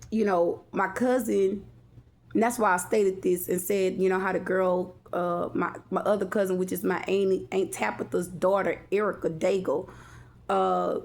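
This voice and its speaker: Woman vlogger, casual storyteller, rambling with restarts and asides to her viewers, mid-pitched voice.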